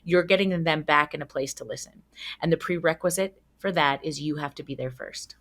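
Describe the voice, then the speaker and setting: A woman guest on a podcast, a child psychologist with a lowish voice. She tells vivid, animated stories, swears freely, and acts out every scene as she goes. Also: a little fast, gravelly.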